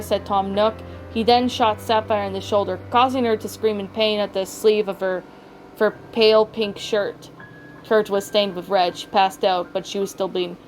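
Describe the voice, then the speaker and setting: A woman reading a creepypasta aloud in a halting way, often stumbling and correcting herself. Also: mid-range voice, steady tone. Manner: halting, frequent self-corrections. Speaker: story reader. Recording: faint background music.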